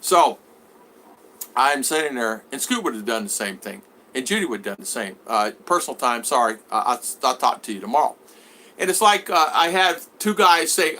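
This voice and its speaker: A man chatting on a live stream, answering viewers and acting out conversations as he rambles. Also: moderate pace. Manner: animated, acts out both sides of conversations in a higher voice. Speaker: vlogger answering live chat.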